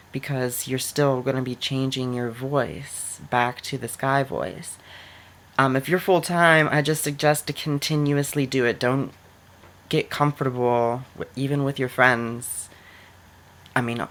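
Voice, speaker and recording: A woman vlogger giving casual advice into her computer camera, talking loosely with lots of "like" fillers. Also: extremely low pitch. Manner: chatty, many "like" fillers.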